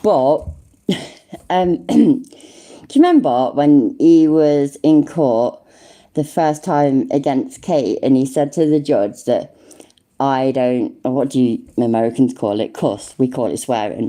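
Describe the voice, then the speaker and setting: A woman's voice: extremely low pitch, expressive, unhurried, dark tone. A woman giving casual reaction commentary on a video, sarcastic and mocking, swearing freely.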